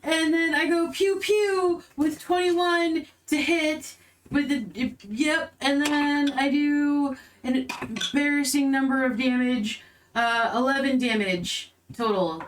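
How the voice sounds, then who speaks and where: A woman playing a tabletop game, playful and quick to correct herself. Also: high voice, steady tone, far from the mic, slight background noise, low-quality recording. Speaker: player.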